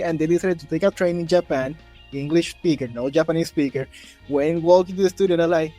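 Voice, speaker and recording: Animated man telling a story. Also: on the high side, fairly quick, soft background music. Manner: animated storyteller, acts out quotes in raised voices. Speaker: podcast host. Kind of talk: casual interview chat.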